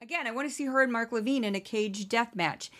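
Bright sarcastic woman podcast host. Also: a little high. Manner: sarcastic, quick asides. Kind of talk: casual political commentary.

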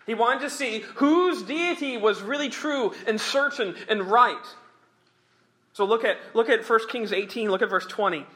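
A male preacher with a high, bright, forceful voice, delivering a sermon. He reads scripture and then drives each point home with emphasis, slowing on the key phrases and chuckling between them.

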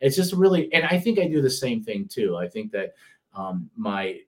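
A man's voice: fairly low pitch, normal speed. Rambling man with a Detroit accent. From Detroit area, US. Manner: rambling, many restarts and fillers. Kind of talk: casual conversation.

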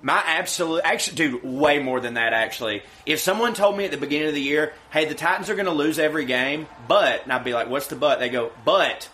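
Bright-voiced man ranting about football. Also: fairly high pitch, fast, hardly any pauses, a little hiss or hum. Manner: rambling, profane, animated storytelling. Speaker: podcast co-host. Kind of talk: casual chat.

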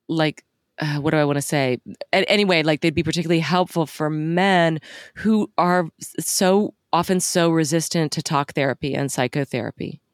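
A woman's voice: low voice, dry recording, clean studio sound. A woman co-hosting a podcast, talking thoughtfully and sometimes searching for words. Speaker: podcast co-host. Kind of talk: casual chat.

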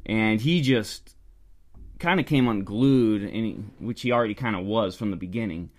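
A man's voice: on the low side, normal speed, a little mellow. A man telling a casual story in a sarcastic, derisive way, often breaking into laughter.

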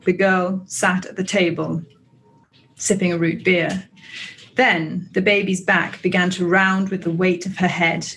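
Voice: mid-range voice, flat delivery, fairly bright tone, slight background noise. Voice reading a novel passage aloud. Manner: measured literary reading, doing American voices for characters. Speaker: book club member.

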